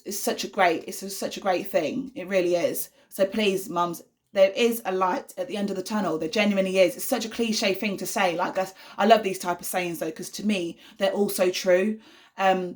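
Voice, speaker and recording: A young woman, talking casually to camera as a vlogging mother, earnest and reassuring with lots of fillers. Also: mid-range voice. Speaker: vlogger, mother of an autistic son.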